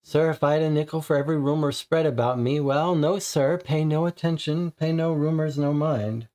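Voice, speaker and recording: A woman's voice: sits low, normal speed, mellow, close to an everyday voice. A man voicing a disheveled, secretive housewife who answers flustered and evasive, over-politely brushing off questions.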